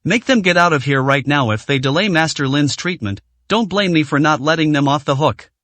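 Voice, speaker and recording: A man voicing an irritable, arrogant male pharmacy manager who shouts in anger, in an audio storybook. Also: a little high, brisk, no room sound, lightly acted. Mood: angry. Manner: angry, shouting.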